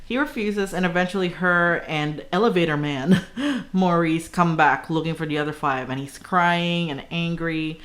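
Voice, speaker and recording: Young woman, casual podcast co-host, lowish voice, chatty and giggly retelling. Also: a bit bright. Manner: chatty, giggly, retells plot with quick asides. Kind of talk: casual book discussion.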